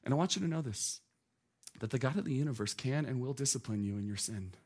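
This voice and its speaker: A man in his thirties preaching a sermon, animated and conversational, with many "like" asides. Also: mid-range voice, fast. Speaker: pastor.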